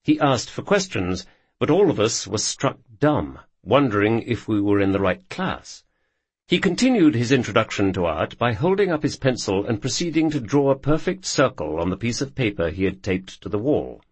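Male nonfiction narrator, lowish husky voice, lively delivery, dry studio read. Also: no echo.

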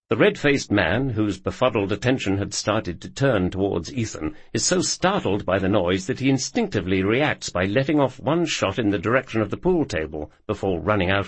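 Low husky male narrator. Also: no room sound. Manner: measured storytelling. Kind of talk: scripted narration.

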